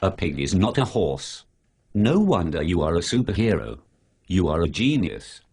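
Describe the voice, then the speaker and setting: This computer-voiced male superhero from an animated short is sarcastic and preachy, lecturing in long lists. His voice is very deep and rough-edged, his pitch jumps around a lot, and he keeps a measured pace in full character voice. It's synthetic animated dialogue.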